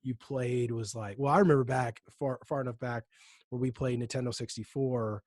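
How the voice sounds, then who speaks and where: A man's voice: mid-range voice, fairly even intonation, normal speed, darkish tone, no room sound, clean studio sound. A young man co-hosting a casual chat podcast, telling rambling stories with many restarts. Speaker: podcast co-host.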